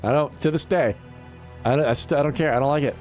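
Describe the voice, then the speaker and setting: A man's voice: medium pitch, darkish tone, soft background music. A man chatting casually on a gaming livestream, swearing freely, rambling and laughing often between thoughts. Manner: profane, rambling, quick to laugh. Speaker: livestream gamer.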